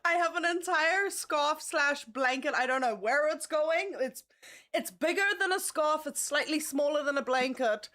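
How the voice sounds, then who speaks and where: A woman's voice: sits high, moderate pace, sharp tone. Rambling, swearing woman chatting. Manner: rambling, swears casually, laughs often. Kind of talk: casual livestream chat. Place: home, at a desk.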